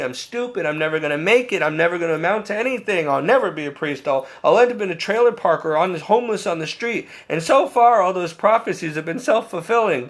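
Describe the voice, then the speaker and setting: A man earnestly sharing a personal faith story, self-deprecating and often laughing at himself. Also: sits high. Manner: quotes himself and others in animated bursts. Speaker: Catholic layman sharing testimony.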